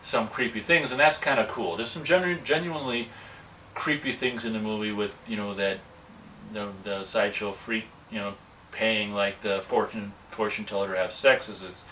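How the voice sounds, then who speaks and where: A man's voice: fairly low pitch, fairly even intonation, moderate pace, pushed and bright. A man giving a casual, rambling movie review, drifting between points and acting out lines from the film. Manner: rambling, digressive, acts out quotes. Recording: distant mic with faint noise.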